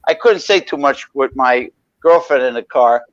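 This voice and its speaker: A man's voice: medium pitch, normal speed, a bit bright, dry recording. A man co-hosting a casual talk show, rambling through anecdotes and greeting viewers in the chat. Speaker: podcast co-host. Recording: dry, dull lo-fi mic.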